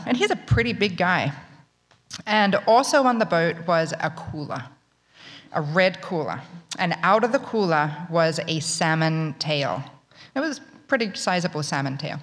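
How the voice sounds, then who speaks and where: A woman's voice: on the low side, a bit bright. Australian woman telling a story in a hall. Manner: wry, humorous, conversational. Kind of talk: live spoken storytelling. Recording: long reverb of a large hall.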